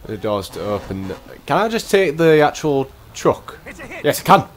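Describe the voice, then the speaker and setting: A man's voice: mid-range voice, sing-song, fairly quick, a little hiss or hum. A man commentating his own gameplay, exclaiming and muttering to himself in bursts. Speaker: gameplay streamer.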